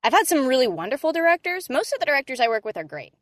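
An American woman voice actor chatting casually in an interview, animated, laughing often and using many fillers. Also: high voice, very fast, dry recording, studio quality. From Hispanic American.

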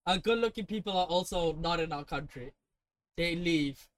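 Brief: young man from India, podcast co-host, crude jokey banter, slightly high voice, dry close mic. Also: a bit bright, no echo. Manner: crude, joking, quick to laugh. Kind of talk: casual banter.

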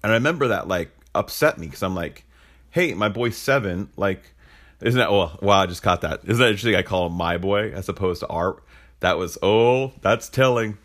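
A man in his thirties tells a personal story on his podcast. His voice sits low. He talks in a candid, reflective way, with easy restarts along the way. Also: fairly quick, fairly bright tone. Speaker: podcast host.

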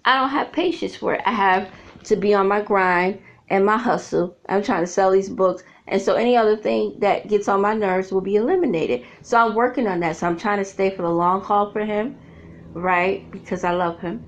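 A middle-aged woman speaks to her viewers in a frank, chatty monologue, laughing easily as she tells her stories. Her voice sits at an ordinary middle pitch for a woman. The recording sounds a little dull and lo-fi. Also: moderate pace. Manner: frank, chatty storyteller who laughs often. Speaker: vlogger and author. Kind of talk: candid casual monologue to viewers. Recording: slightly dull lo-fi audio.

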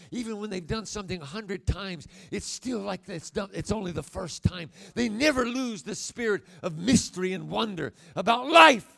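A man in his sixties preaching a sermon, folksy and emphatic, with sudden loud bursts. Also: high voice, vocal fry. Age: 60s.

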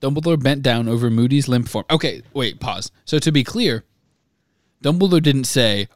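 A man co-hosting a podcast, reading a novel aloud with steady expression and breaking off to chat and laugh. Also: mid-range voice, normal speed, no room sound, studio quality.

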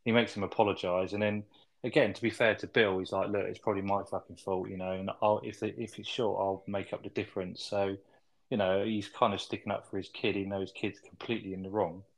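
Male co-host, lower voice, laid-back storytelling recap, sprinkled with "you know". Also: quick pace, rough recording. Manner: relaxed plot recap, hedging fillers. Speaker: podcast co-host. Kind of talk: casual film review chat.

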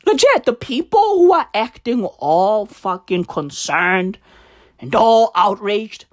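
A woman's voice: medium pitch, sing-song, slow pace. A woman delivering a satirical comedic rant, sarcastic and profane, who keeps tossing in "right?".

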